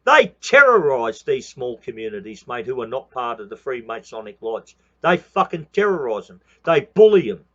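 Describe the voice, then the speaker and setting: A man's voice: medium pitch, very animated, moderate pace, hardly any pauses, pushed and bright, muffled recording. An Australian man in his sixties giving a heated, profane monologue on his own channel, repeating phrases and calling the listener mate. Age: 60s. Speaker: channel host. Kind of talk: ranting monologue.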